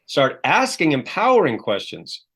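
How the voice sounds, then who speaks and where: A man who is a self-help author and coach, a lively storyteller who acts out the voices he quotes, speaking as a guest in a podcast interview. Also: a little high, normal speed, breathy edge.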